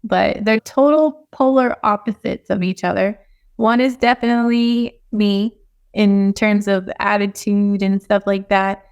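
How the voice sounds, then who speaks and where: A woman's voice: medium pitch, fairly even intonation, unhurried, clean tone, lo-fi sound. A woman in her thirties from Texas, a podcast guest chatting in an easygoing way and laughing often. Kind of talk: casual chat.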